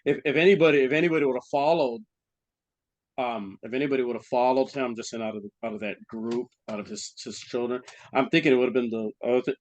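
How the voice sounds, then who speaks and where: A man in casual podcast chat, talking quickly in halting bursts and repeating his words. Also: mid-range voice, dry recording, highs cut off. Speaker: podcast guest.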